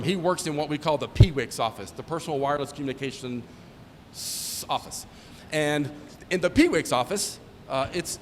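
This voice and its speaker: A middle-aged man with a fairly high voice tells joking stories at a retirement ceremony, playing every part of the dialogue himself. His voice carries a long hall reverb with a faint hum of ambient noise behind it. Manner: joking storyteller who acts out dialogue. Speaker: former squadron commander giving a tribute. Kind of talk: anecdotal retirement ceremony speech.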